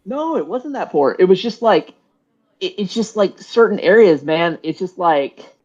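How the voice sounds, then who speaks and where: A man's voice: high-pitched, expressive, unhurried, husky, dull audio. A man chatting casually on a podcast, rambling and full of "like" fillers. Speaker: podcast co-host. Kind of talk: casual chat.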